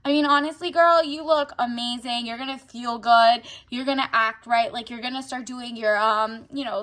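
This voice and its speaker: Woman, high-pitched, chatty tarot reader, slangy, casual. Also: bright, forceful tone. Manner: chatty, slangy, acts out the viewer's inner voice.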